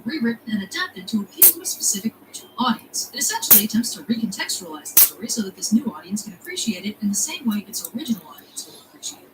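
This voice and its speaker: A woman's voice: a little high, low-quality recording. A woman from the United States narrating a scripted video essay, with wry, sarcastic asides.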